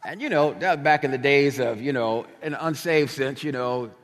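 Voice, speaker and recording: A middle-aged man from New Jersey preaching a sermon, telling stories with lively, casual asides. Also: mid-range voice, brisk, in a large hall. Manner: animated storytelling with casual asides.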